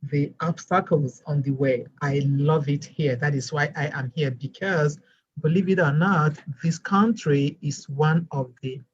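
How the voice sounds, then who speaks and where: A woman with a non-American English accent, telling her story as a guest teacher in a lively storytelling way. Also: deep voice, a little slow, lo-fi sound. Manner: animated storyteller, acts out quoted voices. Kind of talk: storytelling interview chat.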